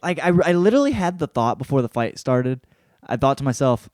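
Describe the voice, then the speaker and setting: A man's voice: mid-range voice, sing-song, a little fast, a little mellow, no room sound. Profane, rambling young man, dry sound. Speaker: podcast host. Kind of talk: casual solo sports recap.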